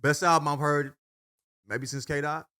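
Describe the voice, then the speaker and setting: A man's voice: a little high, steady tone, normal speed, bright, forceful tone, clean tone. A man co-hosting a podcast, talking animatedly and casually with lots of swearing and filler. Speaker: podcast co-host. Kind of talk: casual chat.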